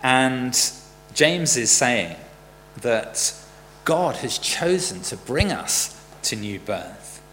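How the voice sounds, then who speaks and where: A man's voice: mid-range voice, very animated, extremely slow, a bit bright. A man preaching a sermon in a conversational storytelling way. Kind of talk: sermon with a joke. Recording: church hall reverb with faint hum.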